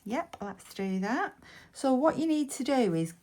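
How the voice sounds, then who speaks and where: This Bolton craft vlogger, a Lancashire woman with a Bolton accent, has a high voice with big pitch swings, a measured pace and a darkish tone. She chats loosely through her crafting tutorial, murmuring half-whispered asides to herself as she works.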